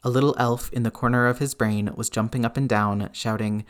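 A man's voice: mid-range voice, steady tone, brisk, few pauses, smooth. Man reading a story aloud. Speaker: reader. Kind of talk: audiobook fiction reading.

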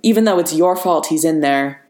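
A woman's voice: low voice, normal speed, darkish tone, close to an everyday voice. A woman voicing an earnest teenage boy who presses his point insistently. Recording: echoey room.

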